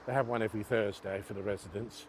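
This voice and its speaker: A man's voice: lowish voice, fairly even intonation, fast talker, a little hiss or hum. Chatty man on a walking tour. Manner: chatty, rambling, self-mocking. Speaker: vlogger giving a walking tour. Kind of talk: casual chat to camera. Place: outdoors on a city street.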